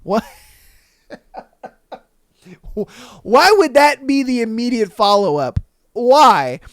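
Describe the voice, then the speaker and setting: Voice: medium pitch, very animated, drawn-out words, dry recording. A podcast host chatting casually and jokingly on their own, using lots of slang, laughing at their own bits and slipping into exaggerated voices for quotes. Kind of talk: casual solo podcast chat.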